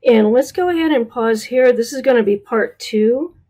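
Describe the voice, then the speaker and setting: A woman's voice: on the high side, moderate pace, dark tone. A woman with an American accent teaching pronunciation, patient and careful, stretching out model words and checking in with "right?". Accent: American English. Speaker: Spanish teacher. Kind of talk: slow, careful pronunciation lesson.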